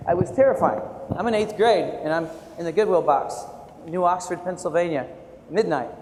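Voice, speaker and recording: A man in his forties giving a keynote talk to teachers, telling his story with animated, self-mocking humor. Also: high voice, normal speed. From United States. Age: 40s. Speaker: keynote speaker and art educator. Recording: echoey hall, faint room noise.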